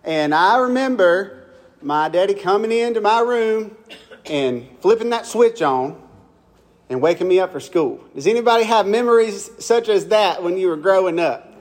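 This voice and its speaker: A young Mississippi man with a Southern accent preaches a folksy, storytelling sermon, asking the congregation questions. His voice sits high, with lively intonation and a normal speed.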